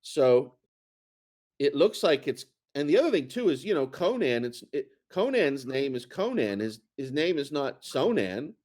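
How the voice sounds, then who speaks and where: A man's voice: mid-range voice, sing-song, moderate pace, a little mellow. A man co-hosting a casual chat, talking in a rambling way with many fillers and restarts. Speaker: co-host.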